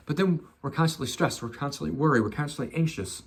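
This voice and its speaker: A man's voice: a little high, lively intonation, quick pace, hardly any pauses. A middle-aged man giving a casual spiritual self-help talk, swearing freely and slipping into mocking voices.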